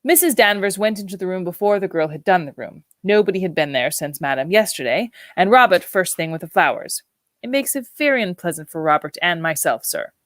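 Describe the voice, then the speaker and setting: Solemn stiff old butler, woman reading, very formal and polite, low-ish, dry. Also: animated, a little fast, no room sound, natural voice. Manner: formal and deferential.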